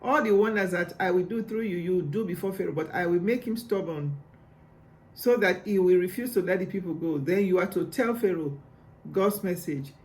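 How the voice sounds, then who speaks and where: Emphatic, commanding God read plainly by a man, high voice, storybook Bible reading. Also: normal speed, a little mellow, lightly acted. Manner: emphatic, rhetorical questions. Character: God, commanding and patient divine male voice.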